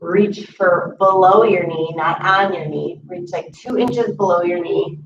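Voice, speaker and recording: A woman teaching a chair yoga class, calmly cueing each breath and movement. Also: fairly low pitch, a little slow. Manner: calm instructive cueing of breaths and moves. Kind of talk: guided exercise class. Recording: roomy, distant, muffled audio with faint hiss.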